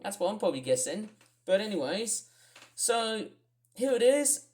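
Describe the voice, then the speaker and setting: Sing-song and darkish in tone, her mid-range voice moves at a moderate pace. An Australian woman running her own weather channel, she rambles casually through the forecast, musing aloud with many fillers and asides.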